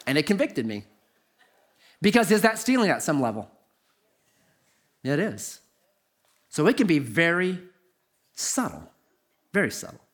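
A middle-aged man preaching a sermon, telling stories with lively swings from high to low. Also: a little slow, long pauses. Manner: animated storytelling, swoops from high to low. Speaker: pastor.

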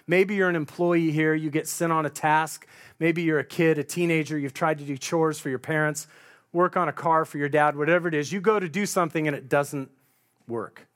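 A man's voice: a little high, a bit bright. A man preaching a sermon, retelling a scripture story in a conversational, vivid storytelling way.

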